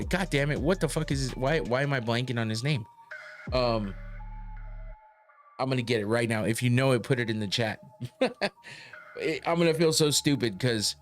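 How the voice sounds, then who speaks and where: A man hosting a podcast, chatting casually to a live chat, swearing freely, rambling and laughing often. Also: medium pitch. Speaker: podcast host.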